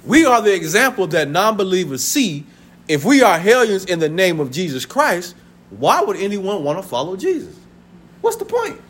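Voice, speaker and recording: In a church sanctuary, a pastor in his thirties gives a conversational sermon full of laughter, putting on voices for family members. His voice is high, husky and fairly bright, with big pitch swings and a moderate pace.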